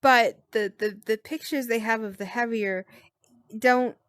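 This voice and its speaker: A woman hosting a casual interview, friendly and quick to laugh. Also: fairly high pitch, clean tone, dry recording. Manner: friendly, asks questions, laughs easily. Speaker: host.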